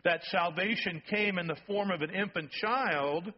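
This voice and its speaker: A man's voice: high voice, a little slow, slightly rough. A man preaching a sermon as pastor, emphatic and repeating his key phrases, often checking in with the congregation. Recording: dull recording in a reverberant hall.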